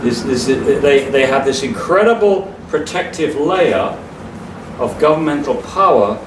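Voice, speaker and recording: A man's voice: mid-range voice, animated, a little slow. A man giving a public lecture in a hall, emphatic and scornful, laughing at his own jokes. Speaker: speaker. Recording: echoey hall from far off, noisy.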